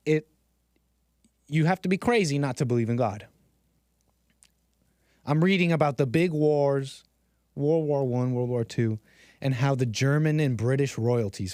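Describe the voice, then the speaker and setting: In a clean studio recording with no echo, a host whose voice is a little high with a darkish tone runs a relaxed commentary stream. His talk wanders, he keeps starting over, and his own side remarks crack him up.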